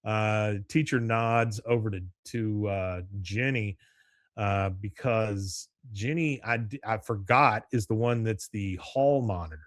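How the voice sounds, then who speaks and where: A man hosting a podcast, retelling scenes in a lively chat and jumping into higher voices for the characters' lines. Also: slow pace, no room sound, clean studio sound. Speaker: podcast host recapping an episode. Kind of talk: casual chat.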